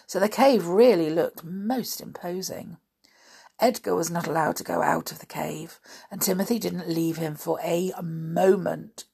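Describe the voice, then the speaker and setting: A woman's voice: lowish voice, a little mellow. A woman reading a children's adventure novel aloud, with chatty asides. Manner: chatty asides and frequent throat clearing. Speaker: storybook reader.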